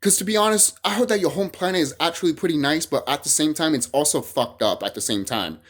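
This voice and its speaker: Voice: medium pitch, animated, fast. A vlogger delivering a heated, profane monologue to camera, often repeating phrases and restarting sentences.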